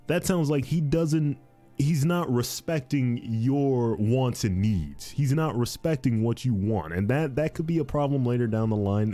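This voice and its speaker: A young man hosting a casual podcast, commenting on advice posts, repeating himself a lot and often saying "dude". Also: mid-range voice. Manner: repetitive, animated, says "dude" and "fiendish".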